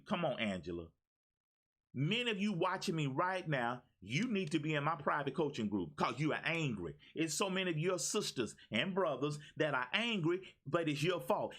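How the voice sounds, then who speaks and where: Animated preaching life coach man. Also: fairly high pitch, slightly rough. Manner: preachy, repetitive, calls out viewers by name. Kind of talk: motivational live-stream talk.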